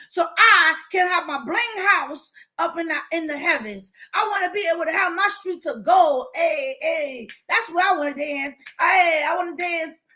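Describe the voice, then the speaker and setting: A woman life coach speaking on a livestream to her viewers, animated and preachy. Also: extremely high pitch. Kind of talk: livestream motivational talk.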